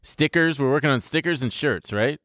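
A man's voice: fairly high pitch, moderate pace, fairly bright tone, no room sound, studio quality. A man co-hosting a podcast in loose, joking chat, laughing often and swearing freely. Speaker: podcast co-host. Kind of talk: casual comedic chat.

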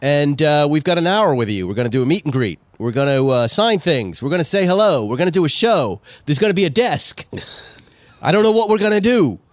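A man hosting a podcast, talking in a rambling, animated way and laughing often. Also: fairly high pitch, brisk, no room sound. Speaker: podcast host. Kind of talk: casual chat. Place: outdoor patio.

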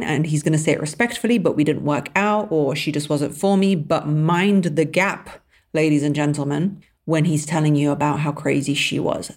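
Low-voiced blunt woman. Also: darkish tone. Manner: emphatic, blunt and sardonic. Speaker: podcast host. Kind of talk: solo advice podcast monologue.

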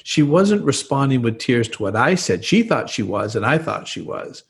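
A man's voice: mid-range voice, big pitch swings, normal speed. A man talking as an interview guest, explaining earnestly and acting out the lines he quotes. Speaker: guest, trauma expert. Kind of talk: podcast interview.

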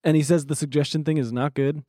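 A man with a fairly high voice co-hosts a casual podcast chat. He is sarcastic, laughs easily and swears freely. The sound is dry and close. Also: fairly even intonation, fast talker, dark tone, no room sound. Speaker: podcast co-host.

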